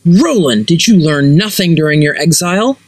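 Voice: mid-range voice, animated, moderate pace, darkish tone, no room sound, pitched above the performer's own voice. A narrator voicing a giant green troll princess, a woman who is mocking and fierce, in a dry, close audio story. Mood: demanding. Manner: mocking, demanding.

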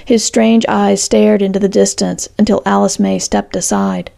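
A woman narrates a story in a steady, measured reading voice. Her delivery is full of gravelly fry and has a dark, mellow warmth. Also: mid-range voice.

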